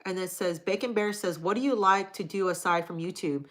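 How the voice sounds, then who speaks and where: A woman's voice: fairly low pitch, a little fast, fairly bright tone. A middle-aged woman hosting a casual livestream, chatting frankly and with profanity while reading viewer comments aloud. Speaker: livestream host.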